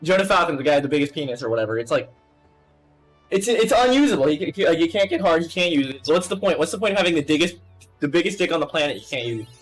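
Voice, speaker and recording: A man's voice: fairly high pitch, expressive, fast, faint music behind, poor audio. A man chatting casually while playing a game, laughing often, swearing and cracking crude jokes.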